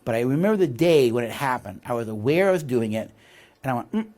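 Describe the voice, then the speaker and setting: Animated male leadership teacher. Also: mid-range voice, quick pace. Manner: animated, asks the audience for agreement with "all right?" and "see?"; reads passages aloud from course text. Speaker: leadership instructor. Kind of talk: recorded teaching lecture.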